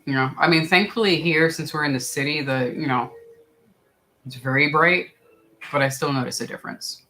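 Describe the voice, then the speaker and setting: Bright-voiced man chatting loosely. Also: fairly high pitch, normal speed, slight background noise, rough recording. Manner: rambling, loose, many fillers. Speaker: co-host. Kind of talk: casual chat at home. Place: home.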